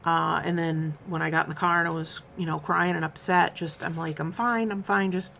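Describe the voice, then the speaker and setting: A woman's voice: low-pitched, flat delivery, fairly quick, vocal fry, bright, forceful tone, a little hiss or hum. A woman in her fifties talking candidly in a personal vlog, earnest and rambling, with many fillers and restarts. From United States. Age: 50s. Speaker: vlogger.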